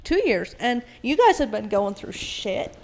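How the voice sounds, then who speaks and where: Young woman guest, higher voice, lively chatty storyteller. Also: a little slow. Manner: animated, swearing, quotes others. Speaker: podcast guest. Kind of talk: casual storytelling.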